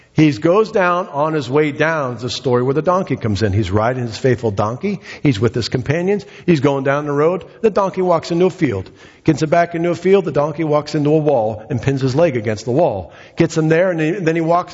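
A man's voice: a little high, breathy edge. A man preaching a sermon, retelling a scripture story in a conversational, storytelling way. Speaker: pastor. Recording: dull sound with long hall reverb.

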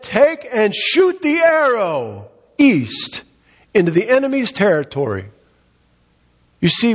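A man preaching a sermon, reading a scripture passage aloud and explaining it earnestly. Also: sits high. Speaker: pastor. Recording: dull lo-fi sound with long hall reverb.

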